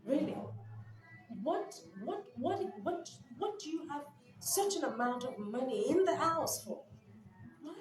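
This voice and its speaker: A woman from Nigeria giving casual vlog commentary, animated and incredulous, laughing often. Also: high voice. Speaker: news commentator. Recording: echoey room with background music.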